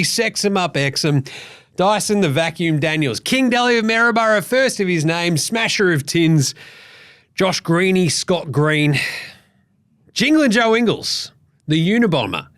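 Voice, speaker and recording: Loud sweary Australian man ranting. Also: high-pitched. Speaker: host. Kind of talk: ranting sports commentary.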